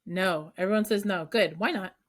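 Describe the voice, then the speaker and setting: A woman's voice: medium pitch, normal speed. A woman math teacher leading an online class over a video call, coaxing students with call-and-response questions.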